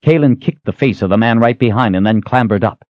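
A man narrating an audiobook with expressive storytelling. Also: mid-range voice, fairly quick, no echo. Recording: dull, dry lo-fi recording.

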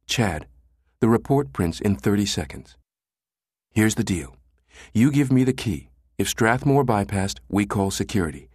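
A man voicing a pushy, fierce middle-aged woman analyst, talking in an insistent, sharp, clipped way. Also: lowish voice, expressive, a little slow, breathy edge, no room sound, clean studio sound.

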